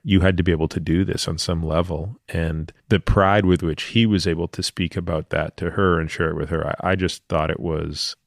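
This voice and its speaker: A man's voice: sits low, fairly even intonation, moderate pace, gravelly, few pauses, dry recording, studio quality. A man hosting a podcast, telling a personal story in a thoughtful, reflective way. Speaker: podcast host. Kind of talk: casual interview chat.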